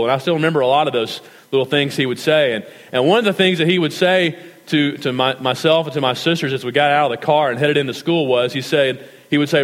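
A male pastor preaching a sermon in a church, earnest and measured, slowing down for scripture and prayer. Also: a little high. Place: church sanctuary. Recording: reverberant hall.

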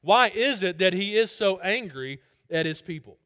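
A man preaching an expository sermon, swinging between loud emphatic lines and quiet low asides. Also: animated, normal speed. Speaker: pastor.

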